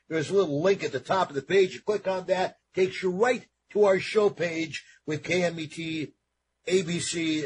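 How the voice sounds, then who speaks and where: Guy hosting talk radio, high voice, upbeat and chatty, studio mic, faint hiss behind. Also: poor audio. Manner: chatty, upbeat, repeats promo details. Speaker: radio show host.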